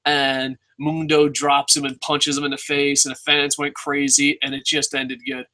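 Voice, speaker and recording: Excitable, foul-mouthed young man ranting. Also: on the high side, moderate pace. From New Jersey. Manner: excitable, rambling, heavy swearing, self-mocking. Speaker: wrestling show reviewer. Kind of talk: casual profane review rant.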